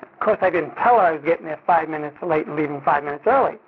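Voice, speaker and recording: Sharing at a recovery meeting, this man talks fast in a voice on the high side, telling his story casually with frequent "you know"s. He plays out the things people said to him, and the audio is tinny like a phone line, with slight background noise.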